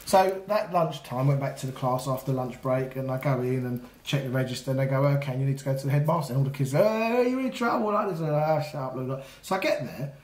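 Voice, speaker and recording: A man talks at a quick clip as he spins a story from his school days. He acts out the people in his quotes with lively voices, in an echoey room. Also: medium pitch. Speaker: podcast co-host. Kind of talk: casual storytelling conversation.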